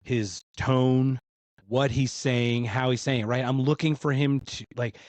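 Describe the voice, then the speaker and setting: Animated man telling a story. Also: mid-range voice, a little slow, dry recording. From Philadelphia. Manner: animated, acts out other people's lines. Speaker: podcast guest. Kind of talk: casual storytelling.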